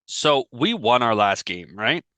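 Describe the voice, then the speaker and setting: A man with a bright, forceful voice chats on a podcast, rambling through an anecdote and breaking into laughter. He sounds close and dry over his video-call mic, with no room sound around him. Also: mid-range voice, sing-song, no room sound. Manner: rambling storytelling, quick to laugh. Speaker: podcast co-host. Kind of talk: casual podcast chat.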